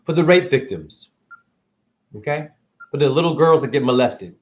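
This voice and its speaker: A man's voice: mid-range voice, lively intonation, normal speed. A man vlogging a rambling spiritual monologue, preachy and profane. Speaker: spiritual video blogger.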